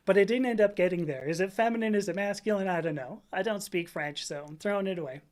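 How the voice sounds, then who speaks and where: A middle-aged American woman with a fairly low voice chats on a livestream. She reads out viewer comments and answers them in loose, rambling asides, and she often stops to correct herself mid-sentence. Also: fast talker, darkish tone. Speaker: livestream host reading chat. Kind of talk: casual livestream chat.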